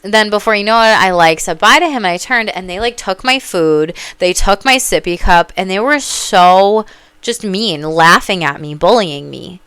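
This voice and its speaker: A woman talking to her viewers in an animated, blunt, rambling way, swearing freely and slipping into tangents. Her voice is smooth and clear, and it sounds dry and close with no room around it. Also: mid-range voice, normal speed, dry recording. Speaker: psychic and life coach. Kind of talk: casual monologue to viewers.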